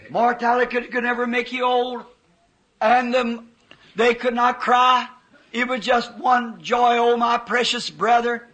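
Preacher guy, real high bright voice, slow and fervent, telling his vision. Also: low-quality recording. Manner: fervent, emotional testimony with quoted dialogue. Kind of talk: sermon, recounting a vision.

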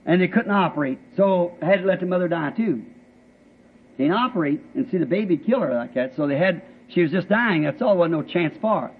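Captured on a dull, low-fidelity old recording, a man relates a sermon story from his own life, rambling folksily in plain rural speech. His voice sits high and sounds slightly rough, expressive, and a little fast.

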